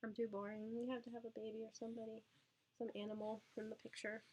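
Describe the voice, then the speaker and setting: A woman's voice: a little high, flat delivery, fast talker, a little mellow, slightly rough. A young woman and mother answering viewer questions on a casual live stream, with lots of ums and small laughs. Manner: chatty, lots of ums, talks to her baby. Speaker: vlogger and mother.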